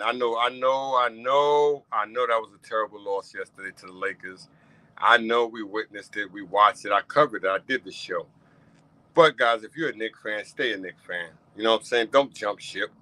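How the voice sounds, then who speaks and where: A man's voice: on the low side, bright, forceful tone, dry recording, rough recording. A man hosting his own talk show, repeating himself as he thanks his audience with feeling. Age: 50s. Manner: emotional, repeats phrases, heartfelt thanks. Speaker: podcast host. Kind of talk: casual solo talk show.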